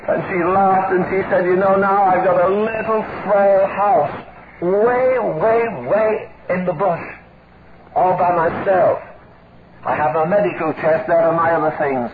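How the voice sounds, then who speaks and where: A male preacher tells a long anecdote from the pulpit and slips into the voices of the people in his story. His voice sits high for a man. The recording is thin and tinny, with a loud hiss under everything. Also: a little slow. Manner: anecdotal, acts out quoted voices. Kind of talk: sermon storytelling.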